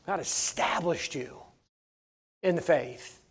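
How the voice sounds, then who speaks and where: A man preaching a sermon in an animated, emphatic, folksy way, with repeated phrases and sudden swings between loud and soft. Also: on the high side, slow, husky.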